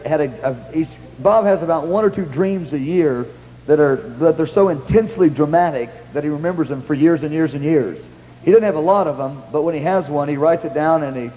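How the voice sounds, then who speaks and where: A man's voice: a little high, warm tone, long reverb tail, slight background noise, low-quality recording. A man preaching in a storytelling style, rambling through anecdotes with restarts and acting out what others said. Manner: rambling anecdotes with many restarts and acted-out quotes. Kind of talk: storytelling sermon.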